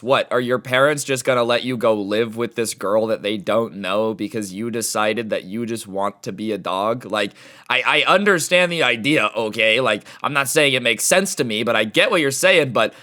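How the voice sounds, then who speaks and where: A man's voice: medium pitch, pushed and bright. A young man hosting a casual storytime vlog, chatty and slangy. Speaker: YouTuber storytime host.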